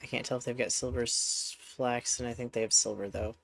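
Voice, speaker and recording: A man's voice: medium pitch, fairly even intonation, fairly quick, gravelly, fairly bright tone. A man streaming a horse game, talking casually to his horses in a rambling, chatty way, with a congested voice. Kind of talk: casual gameplay commentary.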